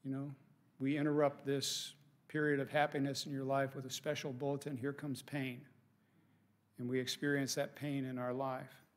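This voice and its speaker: A man's voice: mid-range voice, level tone, brisk. A middle-aged man, a pastor, preaching a sermon from the pulpit in an earnest, conversational way with casual asides. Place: church sanctuary.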